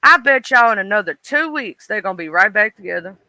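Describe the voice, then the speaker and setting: A man hosting a livestream, chatting and gossiping in a dishy, animated way. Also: sits high, a little fast, no room sound, low-quality recording. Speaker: livestream host. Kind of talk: casual livestream gossip chat.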